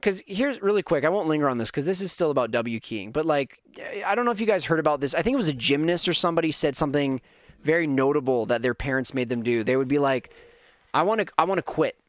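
A man in his thirties from Canada, telling a personal story to his viewers in a casual, animated, self-deprecating way. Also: on the high side, quick pace, dry recording.

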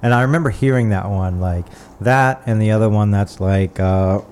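A man's voice: fairly low pitch, moderate pace, a little mellow, slight background noise. A man co-hosting a podcast who rambles with enthusiasm about bands, full of "uh" and "like". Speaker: podcast co-host. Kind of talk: casual chat about music.

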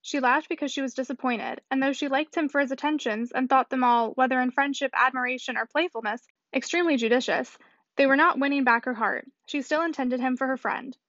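A woman reading a novel aloud as narrator, in a measured, even manner. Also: high voice, no echo. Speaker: audiobook reader. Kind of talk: scripted narration. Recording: dull dry audiobook recording.

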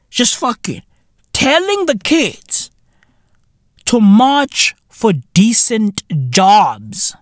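A man delivers a foul-mouthed, sarcastic solo podcast rant full of slang. His pitch swings widely while he takes his time. The sound is dry and close, with no room around it. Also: no room sound. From South Africa. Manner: profane, sarcastic, exasperated ranting with slang. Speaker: podcast host.

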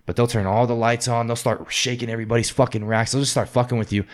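A man casually telling boot camp stories, swearing constantly and acting out drill instructors' yelling. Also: mid-range voice, fairly even intonation, fast, few pauses. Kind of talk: casual podcast chat.

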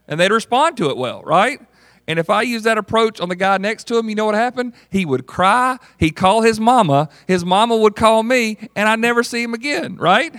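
A man preaching a sermon in a conversational, animated way, often putting questions to the congregation. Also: high-pitched, moderate pace, no room sound, clean studio sound. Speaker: pastor.

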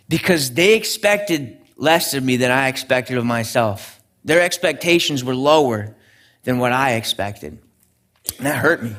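A man's voice: mid-range voice, a bit bright. A young adult man, a pastor, preaching a sermon in an earnest storytelling way with frequent restarts.

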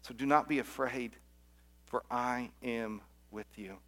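A man's voice: mid-range voice, measured pace, a bit bright. A middle-aged man preaching from the pulpit in an earnest, heartfelt way. His voice sits in an ordinary middle range. He stumbles over repeated words and lets key lines fall almost to a whisper. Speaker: pastor. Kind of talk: sermon.

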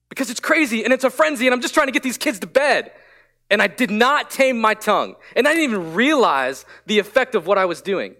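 High-voiced man preaching with lively candor. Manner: animated, candid storytelling with quick asides. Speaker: pastor. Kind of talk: sermon.

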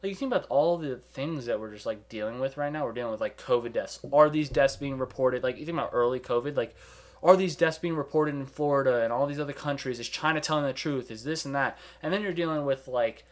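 A man's voice: mid-range voice, fast. A young man co-hosting a casual podcast with friends, rambling and thinking aloud with lots of fillers. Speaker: podcast co-host. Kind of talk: casual chat among friends.

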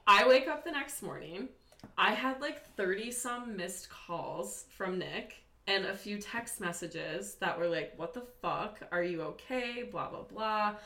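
A young woman telling a long story on a casual podcast, animated and profane, full of "like" fillers. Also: medium pitch, unhurried, roomy sound. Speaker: podcast guest.

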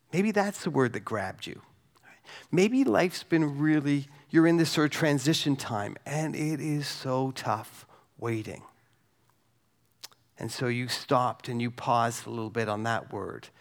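A man preaching a sermon, reading scripture slowly and softly, then talking conversationally and asking the congregation questions. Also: medium pitch, creaky.

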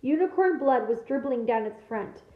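A woman's voice: a little high, normal speed, echoey room, narrow, tinny audio. Woman teacher reading aloud in a classroom. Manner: steady, expressive storytelling.

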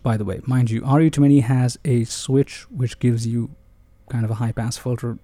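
Man, playful gear reviewer with a very dark, mellow voice and a dry, close-mic sound. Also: medium pitch, little pitch movement, moderate pace, no echo. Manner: playful and self-mocking, often calls out "ladies and gentlemen". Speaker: microphone reviewer. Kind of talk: casual gear review monologue. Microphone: close-up dynamic microphones, about three inches away.

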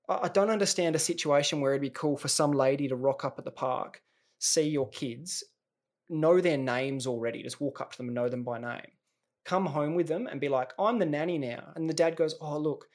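A man, hosting a podcast in a rambling, jokey monologue that often restarts mid-sentence. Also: fairly high pitch. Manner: rambling, self-interrupting, jokey. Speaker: podcast host. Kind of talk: casual comedic monologue.

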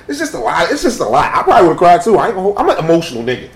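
A man in casual chat with friends, animated and profane, laughing often. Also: a little high, very fast, roomy sound.

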